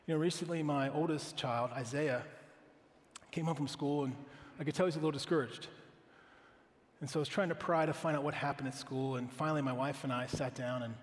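A man's voice: on the high side, fairly even intonation, fairly quick, long reverb tail. A man in his thirties, a pastor preaching a sermon in an earnest, conversational way, often asking the congregation questions.

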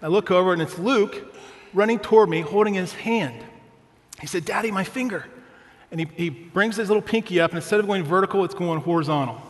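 A man's voice: high-pitched, fairly quick, in a large hall. A male pastor preaching a sermon, telling a family story with humor and often asking the congregation "right?".

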